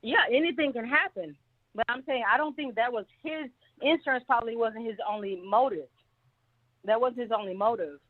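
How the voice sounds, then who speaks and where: A woman's voice: a little high, fairly quick. A woman calling in to a talk show, giving her opinion in a rambling, opinionated way. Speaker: caller. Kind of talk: call-in opinion. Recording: tinny phone line.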